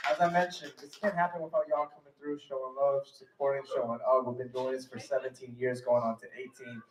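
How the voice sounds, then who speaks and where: A man hosting a poetry open mic in a cafe, chatty and loose, giving slangy shout-outs to the crowd. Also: a little high, fairly quick. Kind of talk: casual event hosting. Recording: echoey room, mic far off.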